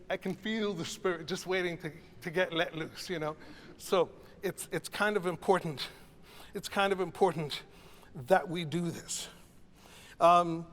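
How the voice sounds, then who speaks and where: An older man leading a choir rehearsal as conductor, animated, demonstrating phrases by singing them. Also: high voice, big-room sound. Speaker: choral conductor. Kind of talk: choral masterclass rehearsal.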